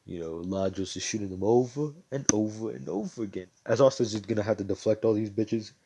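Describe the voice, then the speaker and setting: A man telling a homemade fan story in his own casual way, packed with swearing and "you know"s. His voice sits fairly low. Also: fairly quick, noisy background. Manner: loose and slangy, full of swearing and fillers.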